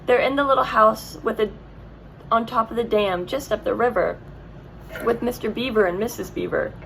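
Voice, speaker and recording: Woman doing a scared stammery storybook boy, begging, bit gravelly. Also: a little high, normal speed, fairly bright tone, slight background noise, rough recording. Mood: pleading. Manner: stammering, pleading. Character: frightened young boy, pleading and eager.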